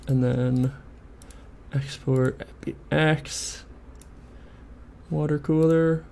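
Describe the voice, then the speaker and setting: A man's voice: a little high, fairly even intonation, very slow, creaky, a little mellow, a little hiss or hum. A man streaming his game development work, muttering casually to himself and thinking aloud as he models, chatting now and then. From Canada. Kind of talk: casual live-stream commentary while 3D modeling.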